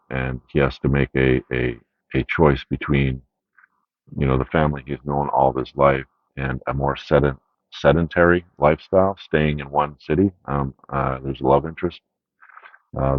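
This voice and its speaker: Super deep guy rambling about his haul, lots of ums and "right?", dry kinda dull lo-fi sound. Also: no echo. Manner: rambling with many fillers and repeated "right?". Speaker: media collection haul host. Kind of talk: casual unscripted video review.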